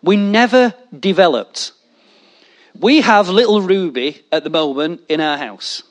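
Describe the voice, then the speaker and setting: A man preaching a sermon, animated and jokey, talking straight to his congregation. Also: high voice, measured pace. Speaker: pastor.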